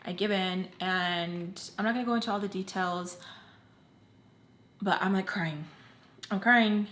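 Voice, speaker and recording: A woman's voice: mid-range voice, measured pace, a bit bright. A young woman telling a personal story in a casual storytime vlog, chatty and full of "like". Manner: chatty, filler-heavy with constant "like". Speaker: storytime vlogger. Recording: echoey room.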